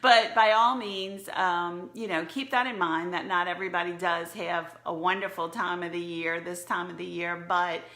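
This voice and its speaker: A woman's voice: on the low side, steady tone, normal speed, few pauses, a bit bright. A woman talking earnestly and candidly into her phone for a live video, with frequent small laughs. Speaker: church media director. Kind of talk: heartfelt live video talk. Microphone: phone camera for a live stream. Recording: echoey room.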